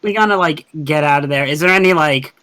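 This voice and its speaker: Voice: mid-range voice, fast, a bit bright, slight background noise. A tabletop game player talking casually, hesitant and giggly, trailing off and restarting often.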